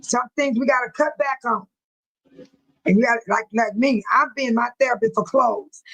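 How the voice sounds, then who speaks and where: A woman's voice: a little high, normal speed, a bit bright, low-quality recording. A woman hosting a live chat, reading viewer comments aloud and often breaking into laughter, speaking in a folksy, churchy way. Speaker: livestream host.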